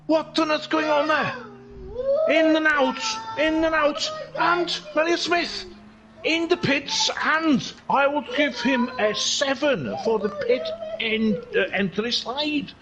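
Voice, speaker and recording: A man's voice: very high voice, lively intonation, takes it slowly, low-quality recording. A man in a put-on North Welsh accent commentating a live sim race, joking and rambling into asides.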